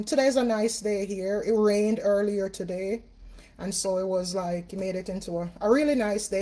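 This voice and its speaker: This is a Jamaican woman whose mid-range voice has a dark tone. A spiritual reader speaking with a Jamaican accent, she hosts an easygoing livestream at home, chatting with her audience, calling out viewers by name, and using plenty of fillers.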